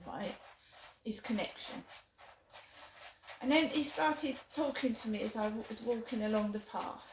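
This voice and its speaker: A woman's voice: a little high, unhurried, roomy sound, background noise. Flustered chatty woman vlogging. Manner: chatty, flustered storytelling with restarts. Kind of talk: casual vlog monologue. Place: outdoors at night on a walk.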